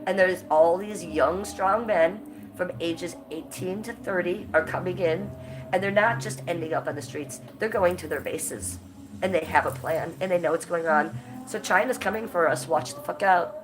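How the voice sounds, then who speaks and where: Speaking at normal speed with music behind her, a woman with a low voice hosts a casual livestream, blunt and profane. A cold has left her congested, and she coughs between lines.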